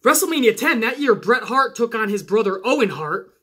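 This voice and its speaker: A man hosting a casual wrestling podcast, animated and chatty, swearing and talking straight to his listeners. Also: very high voice, brisk, husky. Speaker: podcast host.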